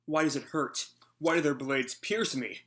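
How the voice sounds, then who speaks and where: A man voicing a huge, brutal male warlord in a loud, pained way. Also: fairly high pitch, normal speed, noisy background, close to an everyday voice.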